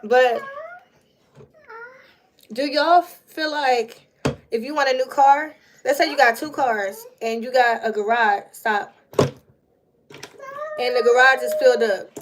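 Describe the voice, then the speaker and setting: During a livestream, a vlogger and mother chats loosely into her phone in a high-pitched voice, playful and full of fillers. She laughs often and keeps turning aside to talk to her kids between remarks. A slight hiss or hum runs under the recording.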